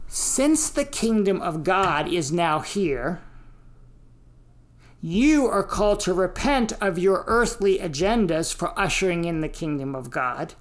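An American woman delivers a sermon at an unhurried pace. Her voice sits in a middle pitch, and she teaches with deliberate care, leaning on the quotations she reads out. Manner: slow, deliberate teaching delivery with emphatic quotes. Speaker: preacher. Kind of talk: sermon on scripture and history.

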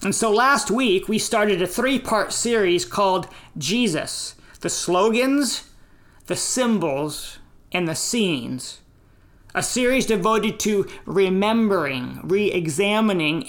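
An American man preaching a sermon in a measured, deliberate way, pausing between phrases. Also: high-pitched, a bit bright. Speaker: pastor.

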